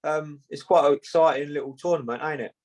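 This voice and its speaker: A man's voice: a little high, darkish tone, low-quality recording. Easygoing man saying "mate". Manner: laid-back, says "mate" a lot, halting with fillers. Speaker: boxer being interviewed. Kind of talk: casual interview chat.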